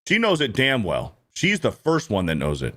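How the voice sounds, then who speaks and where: A man's voice: medium pitch, wildly swooping pitch, normal speed, fairly bright tone. A man hosting a reaction show, ranting bluntly and swearing often as he comments on clips. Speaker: host.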